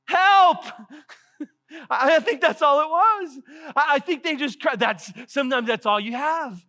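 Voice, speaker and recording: Male pastor, preaching a sermon, very high voice, animated, bright forceful tone. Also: moderate pace. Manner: animated preacher who acts out quotes and laughs often.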